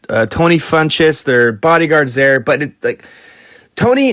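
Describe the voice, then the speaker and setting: A man's voice: expressive, a little slow, a bit bright, no echo, clean studio sound. A man hosting a podcast, telling rock stories in a loose, casual way, swearing freely and acting out quotes in a raised voice. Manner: loose, profane, acts out quotes in higher voices. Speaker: podcast host. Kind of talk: casual storytelling.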